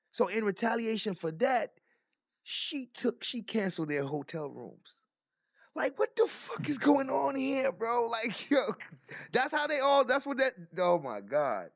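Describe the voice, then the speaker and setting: A man's voice: high-pitched, no echo, studio quality. A man giving casual reaction commentary, incredulous and mocking, swearing and laughing as he talks. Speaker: commentary vlogger.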